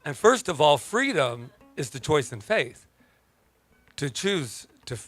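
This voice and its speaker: A man preaching a casual sermon as pastor, telling stories in an animated, joking way. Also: on the high side, slow pace, faint music behind. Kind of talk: conversational sermon.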